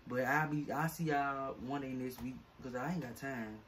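A man's voice: mid-range voice, fairly even intonation, normal speed. A man vlogging to camera, venting in an irritated, fed-up, rambling rant full of slang.

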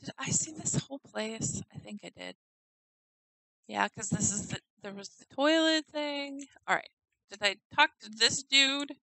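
A woman's voice: a little high, gravelly, fairly bright tone, dry recording, poor audio. A woman giggling and thinking aloud in casual commentary as she tours a house in a game. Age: adult. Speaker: gamer touring a player-built house.

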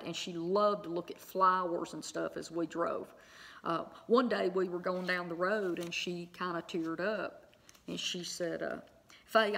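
Middle-aged woman, low and gravelly, chatty storyteller to her online audience, lots of fillers. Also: a bit bright. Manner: chatty, many fillers and tag questions. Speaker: online Bible teacher. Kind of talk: personal storytelling to viewers.

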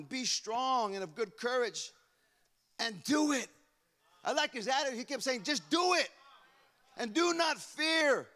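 A male pastor preaching a fervent sermon in a church, declaring and chanting lines to the congregation and often shouting. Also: very high voice. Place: church sanctuary.

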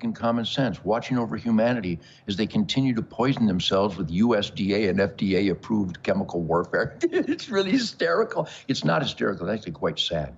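An older show host rambles to camera in a voice on the low side, with the highs cut off and slight background noise. He's bombastic, boastful and jokey, laughing often.

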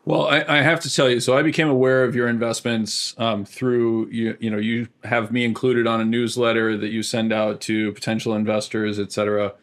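A man hosting an interview, speaking in a measured, thoughtful and appreciative way over a video call. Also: mid-range voice, flat delivery. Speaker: interviewer host. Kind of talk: interview talk.

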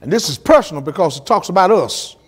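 Lively preaching pastor, high voice. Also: male voice, slightly rough. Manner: preachy, dramatic pauses, acts out quotes, colloquial asides. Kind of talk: Bible study sermon. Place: church.

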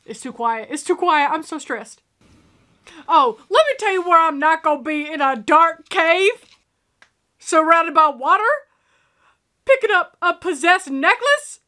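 A woman giving casual reaction commentary to a film, animated and exclaiming out loud. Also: very high-pitched, measured pace. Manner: animated, exclaiming and joking aloud. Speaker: reaction video host.

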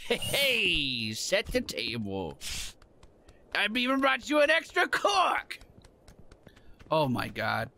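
A man giving excitable let's play commentary, laughing, swearing and talking to the game characters as he plays. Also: a little high, vocal fry, background noise. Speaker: gaming channel host.

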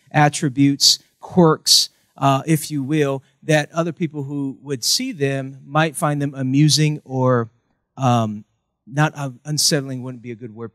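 A man's voice: medium pitch, no room sound, studio quality. A young man from the United States preaching a sermon with humor, acting out voices in his stories. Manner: animated, acts out quoted voices. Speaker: pastor.

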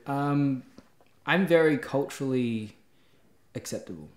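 A young man with an Australian accent, a podcast guest answering questions in casual chat with soft, short replies. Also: mid-range voice, a little slow, roomy sound. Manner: soft-spoken, short answers with many "mm" and "yeah".

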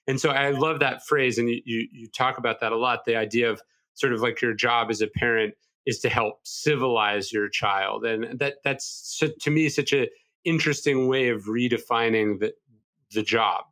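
A man's voice: medium pitch, fairly even intonation, normal speed, bright, forceful tone. A male podcast host in an interview, speaking in a reflective, thoughtful way with small hesitations. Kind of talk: interview conversation.

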